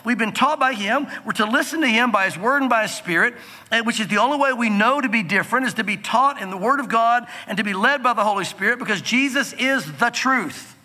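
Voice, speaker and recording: A man preaching a sermon from the pulpit, earnest and emphatic, slowing down to stress key phrases. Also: extremely high pitch, pushed and bright, long reverb tail. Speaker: pastor.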